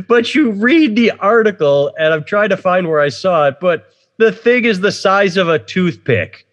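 A man's voice: sits high, animated, slow pace, fairly bright tone, highs cut off. A man hosting a casual podcast, rambling opinionatedly and swearing freely. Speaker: podcast host. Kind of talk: casual chat.

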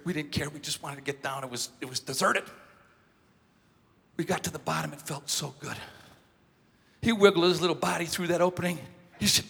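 A male pastor telling a story from the pulpit in an animated, self-mocking manner, with a breathy voice in a large hall. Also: a little high, normal speed, pauses often. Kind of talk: sermon storytelling.

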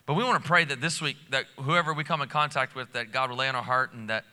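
A man's voice: mid-range voice, fast, pushed and bright. A man preaching a live church sermon as lead pastor, talking casually and with energy, full of fillers and restarts, in a large church auditorium. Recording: long hall reverb.

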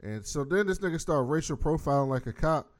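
A man's voice: on the high side, expressive, brisk, noisy background. A man casually recapping a TV episode, profane and laid-back, acting out the characters' lines as he goes. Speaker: podcast host.

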